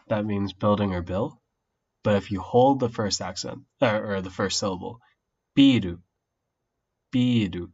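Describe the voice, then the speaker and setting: Deep-voiced guy slowly talking through his study notes, lots of ums, kinda dull lo-fi mic. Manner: slow, thinking aloud with fillers. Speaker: language learner streaming his study. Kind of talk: casual study stream.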